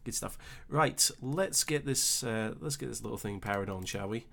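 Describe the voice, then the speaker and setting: A young man with a Scottish accent hosting a casual live stream, chatting easily and reading out viewer comments with relaxed filler pauses. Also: fairly low pitch, creaky. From Scotland. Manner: chatty and easygoing, thinking aloud with filler pauses.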